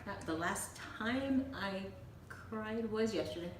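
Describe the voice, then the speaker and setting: A woman's voice: medium pitch, slow. A woman co-hosting a casual chat show, telling stories with lots of laughter. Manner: chatty, laughing, animated storyteller. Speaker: co-host. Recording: echoey room, distant mic, noisy.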